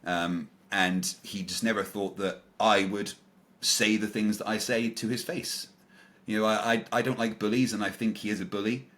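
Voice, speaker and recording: A man with a low, deep voice tells a story as a podcast guest. He replays each exchange line by line, quoting both sides, and fills the gaps with ums, uhs and false starts. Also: fairly even intonation, normal speed, fairly bright tone. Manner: retells encounters with quoted dialogue, many fillers and restarts. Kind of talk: casual storytelling in an interview.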